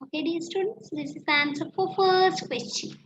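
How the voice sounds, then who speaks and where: Woman teacher with an Indian English accent, high voice, slow dictation, dull lo-fi classroom recording. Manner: slow, repeats phrases while writing answers. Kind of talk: classroom lesson, dictating answers. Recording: echoey room, dull lo-fi sound, faint noise.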